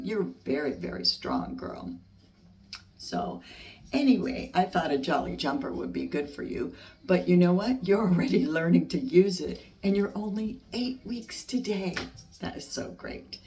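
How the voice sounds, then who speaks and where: An older woman reading a picture book aloud to her baby granddaughter in a gentle, sing-song storytime voice, stopping to chat about the pictures. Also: fairly low pitch, animated, measured pace, recorded from a distance. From United States.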